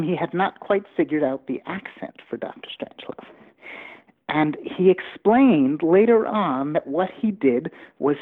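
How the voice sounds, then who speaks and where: Man telling stories over a phone line. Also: a little high. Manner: enthusiastic anecdotal storytelling. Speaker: author guest. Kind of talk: storytelling interview talk.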